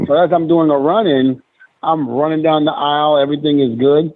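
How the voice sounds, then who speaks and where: A man's voice: a little high, fairly even intonation, a little fast. A man guest in casual chat on a podcast, telling stories with many fillers and restarts. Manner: rambling storyteller, frequent fillers. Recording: tinny phone-like remote line with faint noise.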